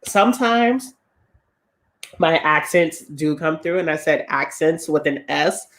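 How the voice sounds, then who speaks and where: A woman's voice: sits low, slow. A woman from Boston with a Boston accent and a slight Southern drawl, co-hosting a casual chat and telling candid stories, acting out other people's lines as she goes. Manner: candid, animated storyteller acting out quoted voices. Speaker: podcast co-host.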